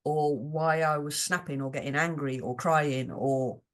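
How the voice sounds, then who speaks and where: A woman's voice: low voice, fairly even intonation, a little slow. A British woman, a podcast guest, chatting casually in a rambling, earnest way with many restarts. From United Kingdom.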